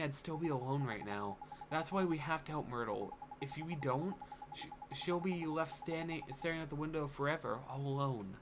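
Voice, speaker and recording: A man voicing an earnest young boy hero in a soft, slightly unsure way. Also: on the high side, background noise, voice pushed up, natural voice.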